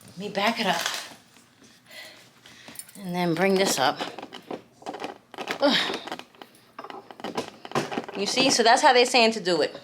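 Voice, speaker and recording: A woman's voice: mid-range voice, expressive, takes it slowly, long pauses. Exasperated woman vlogging in an echoey room. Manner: talkative, exasperated, addresses viewers as y'all. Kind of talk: casual chat to camera while assembling furniture. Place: room at home. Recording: echoey room with faint noise.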